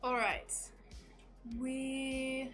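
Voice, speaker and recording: A woman's voice: sits high, flat delivery, drawn-out words, a bit bright, soft background music. An American woman livestreaming her stained glass craft, chatting casually and giggling as she greets viewers.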